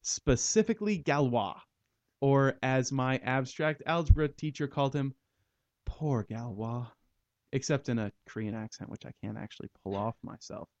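A man's voice: mid-range voice, expressive, normal speed, no room sound. Guy hosting a math podcast, rambly, loves bad puns, dry dull-ish mic. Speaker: podcast host. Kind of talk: casual chat about math.

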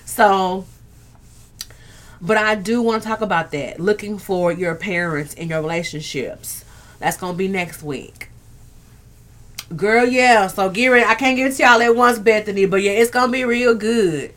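Her voice is mid-range and fairly bright, her pace moderate, as she runs a laid-back live stream. The host speaks plainly and earthily, swears, and talks directly to her audience.

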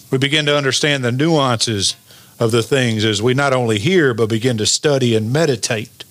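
With a mid-range voice and fairly bright tone, a male pastor preaches, slowly stretching out key phrases. He calls on the congregation for an "amen" in a call-and-response style.

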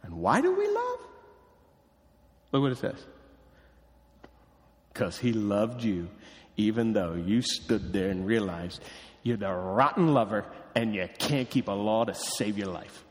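A man preaching a sermon as pastor, animated and acting out the people he quotes. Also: lowish voice, measured pace, long pauses, in a large hall. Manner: animated, acts out quoted voices.

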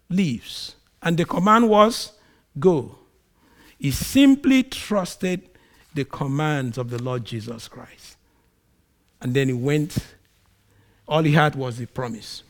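A man preaching a sermon, acting out quoted speech with big swings in volume and pitch. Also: lively intonation, slow. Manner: acts out quoted speech in a raised voice. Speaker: pastor.

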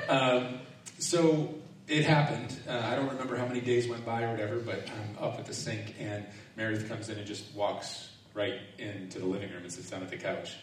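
A man's voice: mid-range voice, distant mic. A man delivering a sermon with an easygoing, self-deprecating storytelling style and frequent chuckles. His mid-range voice sits in a big reverberant room. The mic is set back from him, and faint background noise lingers. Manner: relaxed, self-mocking storyteller who often laughs. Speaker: pastor. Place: large echoing hall or sanctuary.

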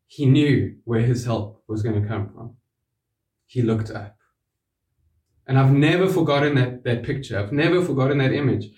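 A man preaching a sermon to a church congregation, earnest, dropping to a hush on key words. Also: medium pitch, moderate pace, pauses often. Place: church hall. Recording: roomy, from a distance.

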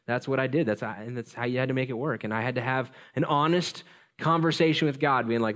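A man preaching a sermon as pastor, talking in a loose, conversational and self-deprecating way, slipping into quick stories. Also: mid-range voice, steady tone, fairly bright tone.

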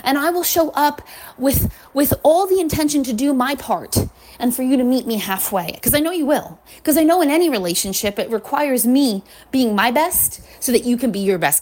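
Upbeat high-voiced woman money coach. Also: a little mellow. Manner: upbeat, emphatic, repetitive. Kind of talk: motivational teaching talk.

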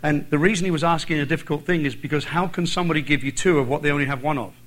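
A man's voice: a little high, very fast, fairly bright tone, poor audio. Irish man preaching with repeated emphasis. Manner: emphatic, repeats phrases for stress. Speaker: visiting preacher. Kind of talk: sermon.

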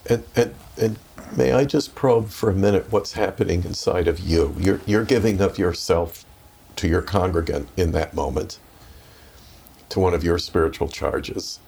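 A very deep, husky male interviewer with a gravelly edge asks gentle, probing questions. He mostly gives short murmured affirmations while his guest speaks. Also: moderate pace. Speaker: podcast host, interviewer. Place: guest's home.

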